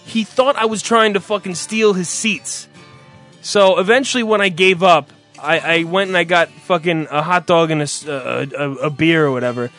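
A man's voice: sits high, fairly even intonation, normal speed, a bit bright, soft background music. A man in casual chat, ranting through a story with lots of swearing and exasperation.

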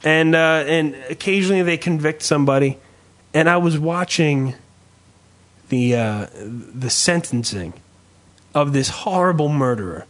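A man hosting a podcast in casual chat, rambling and swearing freely while riffing with dark humor. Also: on the high side, unhurried. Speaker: podcast host.

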